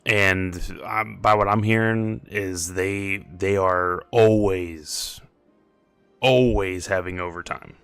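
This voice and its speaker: A man hangs out in voice chat during a friend's game stream. He speaks slowly in a lowish voice. His talk is easygoing and loose, with casual cursing. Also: fairly even intonation, a bit bright, clear, resonant tone, dry recording, soft background music. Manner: laid-back, profane.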